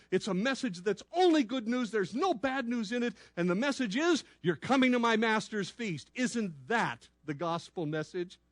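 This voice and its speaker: A man preaching a sermon as pastor, teaching in a playful, animated way and putting questions to the congregation. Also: on the high side, no echo, studio quality. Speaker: pastor and law enforcement chaplain. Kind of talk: sermon with call-and-response teaching. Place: church sanctuary.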